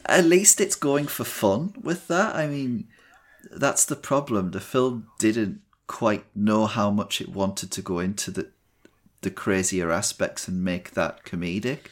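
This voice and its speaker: A man co-hosting a film podcast, speaking in measured, hedging casual chat. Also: fairly low pitch. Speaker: podcast co-host.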